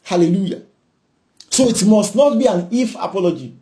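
A Nigerian-accented man preaches in a high, mellow voice. He is emphatic, hammers his points with repetition and drops in frequent hallelujahs. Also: very animated, a little fast. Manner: emphatic, repeats himself, punctuates with hallelujah. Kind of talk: sermon.

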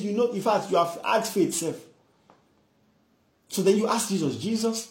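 A man's voice: sits high, animated, moderate pace, long pauses, reverberant. A man preaching a fervent sermon, repeating phrases and acting out the voices in scripture stories. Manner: fervent, repetitive, acts out dialogue.

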